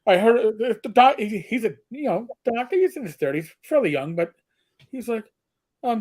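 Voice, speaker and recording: A man in his fifties hosting a casual livestream chat, telling stories in an animated, rambling way with many restarts. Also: extremely high pitch, moderate pace. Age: 50s. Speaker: host.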